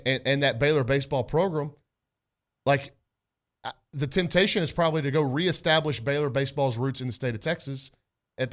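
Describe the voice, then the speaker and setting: A male sports radio host arguing his points emphatically, speaking directly to his listeners and co-hosts. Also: a little high.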